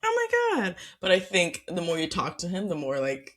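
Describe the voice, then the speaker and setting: A woman's voice: fairly low pitch, a little fast. A woman co-hosting a casual podcast chat, laughing often and talking with plenty of fillers. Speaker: podcast co-host.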